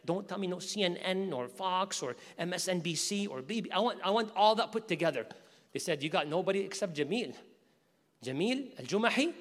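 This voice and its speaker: A man preaching a storytelling sermon to an audience, animated, acting out voices and shouting at the high points. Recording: echoing hall reverb.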